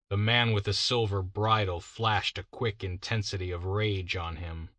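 A man narrating a classic story as an audiobook reader, in a measured, deliberate way. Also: lowish voice, bright, forceful tone, no room sound.

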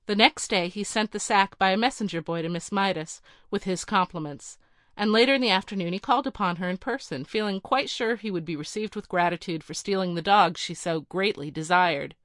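A woman narrating a storybook in a measured, clear reading. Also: mid-range voice, a bit bright, no room sound, studio quality.

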